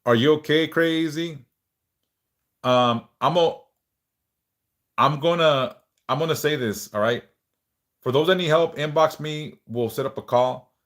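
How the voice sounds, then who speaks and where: A man's voice: on the high side, unhurried, long pauses. A man hosting a livestream, leading prayers and then chatting casually, swearing now and then and sometimes repeating words as he speaks. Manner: relaxed, swears casually, reads chat aloud; speaks of stuttering, some word repeats.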